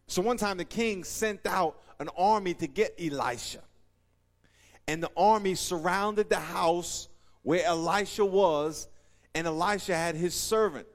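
A man preaching a sermon as pastor, animated, acting out scenes in voices and laughing often. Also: fairly high pitch. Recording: long reverb of a large hall.

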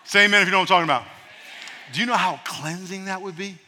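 A male pastor delivers an energetic, humorous sermon and keeps drawing responses from his congregation. His voice sits high for a man and sounds bright and forceful. It rings out through the long reverb of a church hall. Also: fast.

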